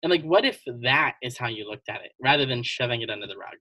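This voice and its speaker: A podcast co-host telling personal stories in casual chat, animated and laughing often. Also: medium pitch, quick pace, dry recording, rough recording.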